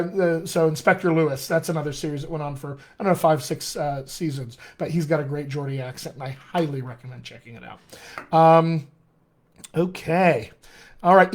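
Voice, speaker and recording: Upbeat male dialect coach, General American. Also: on the high side. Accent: General American with a slight Colorado tinge. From Colorado, USA. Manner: enthusiastic and encouraging, addresses listeners as friends; chatty with frequent fillers and restarts. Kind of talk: live-stream Q&A teaching.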